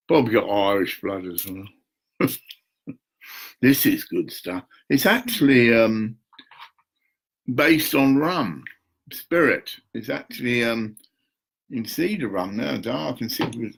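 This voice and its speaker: Gravelly, husky older man. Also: medium pitch, poor audio. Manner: chatty, mutters to himself, swears. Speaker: vlogger. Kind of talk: rambling to-camera monologue.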